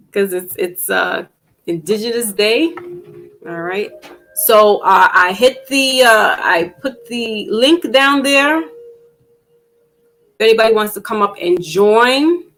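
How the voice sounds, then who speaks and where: A woman hosting a casual live-stream panel, chatting loosely with plenty of fillers and restarts and getting animated when she tells a story. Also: a little high, takes it slowly, long pauses, a little hiss or hum, poor audio. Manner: animated when telling stories.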